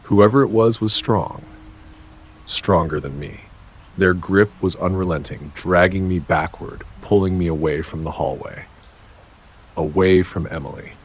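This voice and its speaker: A man narrating a first-person horror story in a measured, dramatic way, in short halting phrases. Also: deep voice, husky.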